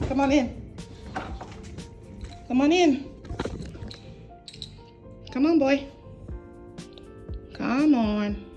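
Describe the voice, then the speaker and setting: A woman's voice: high-pitched, drawn-out words, long pauses, mellow, dull audio, faint music behind. A young woman vlogger talking to her new puppy, coaxing and praising him in affectionate baby talk.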